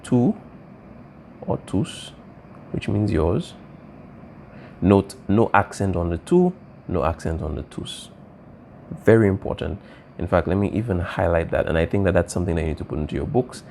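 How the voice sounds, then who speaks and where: Guy teacher w a warm mellow voice, patient, keeps asking "all right?". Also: deep voice, expressive, normal speed, vocal fry, pauses often, a little hiss or hum. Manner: patient, repeats key points, asks "all right?" often. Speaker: Spanish teacher. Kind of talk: classroom explanation.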